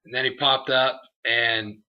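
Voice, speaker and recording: A young man co-hosting a casual review chat, animated and laughing, acting out what others said. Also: medium pitch, a little slow. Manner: animated, acts out quotes, laughs often. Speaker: show co-host. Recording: dull lo-fi home recording.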